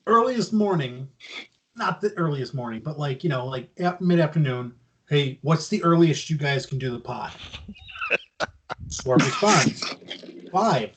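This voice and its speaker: Teasing storyteller man, slightly high voice. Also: expressive, measured pace, pauses often, very noisy. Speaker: podcast co-host. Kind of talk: casual podcast banter.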